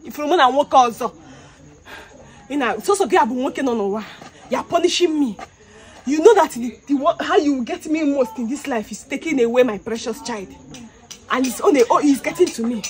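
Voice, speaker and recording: A woman's voice: sits high, a little fast. A woman with a Nigerian accent, crying as she desperately begs and repeats herself in a public appeal. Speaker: mother pleading publicly.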